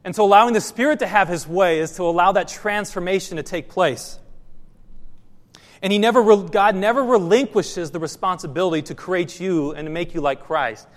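A man's voice: high voice, brisk, big-room sound. A man preaching a sermon as pastor, asking the congregation questions and repeating phrases for emphasis.

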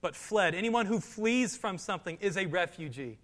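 Here the pastor preaches animatedly at a normal speed, his slightly bright voice pitched high for a man. His voice climbs as he presses hard on the scripture he reads out. The audio rings with a long, large-hall reverb.

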